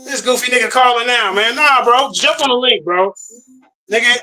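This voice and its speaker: A man's voice: very high voice, normal speed, poor audio. A man ranting heatedly on a live-stream call, cursing and repeating himself as he recounts a debate panel. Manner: loud, profane, repeats himself. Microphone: remote call.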